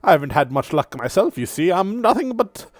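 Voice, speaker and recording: A man's voice: big pitch swings, a little fast, dry recording. A man voicing a jolly old male skeleton archdruid who chuckles at his own jokes. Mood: jovial. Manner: booming chuckling theatrical old voice.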